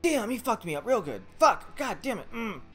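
A foul-mouthed man narrates his gameplay, cursing nonstop. His voice is bright and forceful, and his pitch jumps all over the place. Faint music plays underneath him. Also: big pitch swings, normal speed. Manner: profane, loud outbursts and frequent swearing. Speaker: gaming video creator. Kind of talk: game commentary.

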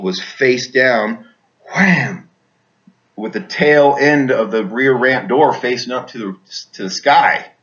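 A man's voice: medium pitch, a bit bright. A man telling a personal war story as a veteran, rambling, repeating words, with many fillers. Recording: dull lo-fi recording.

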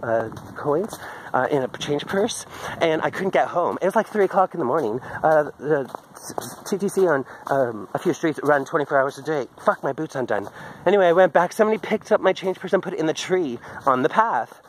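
A man's voice: fairly high pitch, expressive, a little fast, a little hiss or hum, poor audio. A man recording a candid, rambling video journal on a phone while walking outdoors, drifting off topic and laughing often. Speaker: video diarist. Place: outdoors on a daily walk in a park. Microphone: handheld phone.

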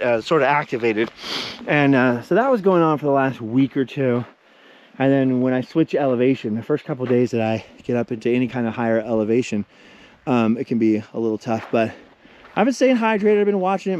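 A middle-aged man, out of breath, chatting in a rambling vlog while hiking outdoors at old ruins. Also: a little high. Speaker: vlogger. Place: outdoors at a desert mine ruin.

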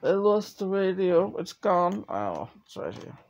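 A woman's voice: fairly low pitch, very animated, a little slow, vocal fry, darkish tone, dull audio. Chatty, laughing woman vlogger. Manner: chatty, laughs often, swears freely. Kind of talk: casual chat.

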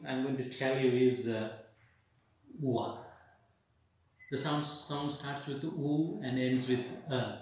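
A man with an Indian English accent teaching English pronunciation, slowly repeating vowel sounds and example words in drills. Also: mid-range voice. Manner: slow, repeats each sound and word drills. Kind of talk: accent training lesson. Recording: echoey room, voice far from the mic.

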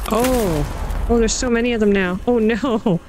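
A woman giving an excitable, panicky let's-play commentary, laughing and gasping as she plays. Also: a little high, measured pace, background noise. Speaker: gaming channel host. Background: game music.

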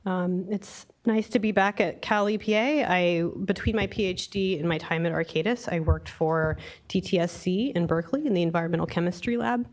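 A woman with a slightly low, scratchy voice from a passing cold gives a technical lecture. She explains at a measured pace and fills her pauses with frequent ums. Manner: many filler ums, measured explanatory delivery. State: getting over a cold, scratchy voice. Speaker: invited speaker, environmental engineer. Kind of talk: technical presentation.

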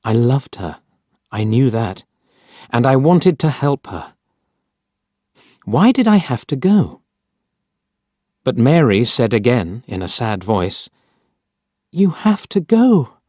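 A man reading a simple story aloud as narrator, clear and deliberate. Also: medium pitch, sing-song, darkish tone, no echo, clean studio sound. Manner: clear, deliberate graded-reader delivery.

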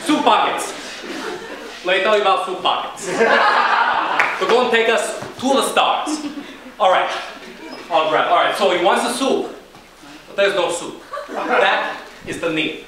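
A man playing a brash, self-assured inventor pitching a wacky product in a comic stage monologue, with punchy, cocky sales patter. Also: a little slow, pauses often. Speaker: spoof talk presenter. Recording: very echoey, distant, noisy.

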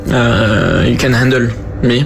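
A man from France in a casual social media clip, joking and halting with fillers. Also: mid-range voice, vocal fry, background noise. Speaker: social media video poster.

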